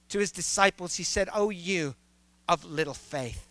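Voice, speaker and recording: A middle-aged man preaching a sermon, telling a personal story that turns soft and low before rising into preaching. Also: moderate pace, dry recording. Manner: storytelling, drops to soft low tones then rises to preaching.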